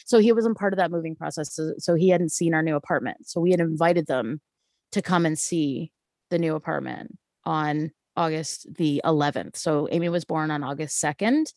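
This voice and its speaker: A woman, a guest, telling a personal story in an animated way and acting out the voices of the people in it, often close to tears. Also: low voice, normal speed, no room sound. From Canada. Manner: animated, acts out quoted voices.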